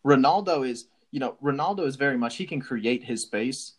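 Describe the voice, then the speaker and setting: Casual sports podcast co-host: young man, mid-pitched, excitable, laughs easily. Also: brisk. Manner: excitable, laughs often, many restarts.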